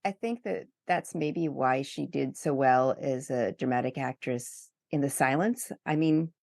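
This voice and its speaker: Low-voiced woman host, dry sound. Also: unhurried, gravelly, darkish tone, dry recording. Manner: conversational, eager, thinking aloud. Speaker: podcast host. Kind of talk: podcast interview.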